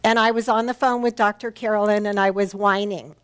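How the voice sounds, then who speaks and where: A woman's voice: medium pitch, fairly even intonation, brisk, clear, resonant tone. A woman minister giving a Sunday sermon, telling a personal story in a heartfelt, earnest way. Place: church sanctuary.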